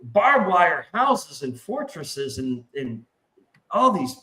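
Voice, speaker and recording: Bright-voiced man swearing through rambling stories. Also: on the high side, slow pace. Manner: profane, rambling storyteller; animated, acts out quoted voices. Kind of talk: casual chat. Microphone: remote stream call mic. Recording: roomy echo.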